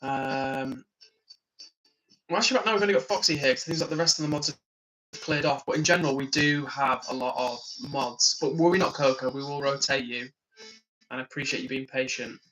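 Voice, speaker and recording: A man's voice: medium pitch, a little fast, a bit bright, low-quality recording. A tired, yawning man hosting a live stream, reading chat comments aloud, chatting casually and laughing often. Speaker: livestream host.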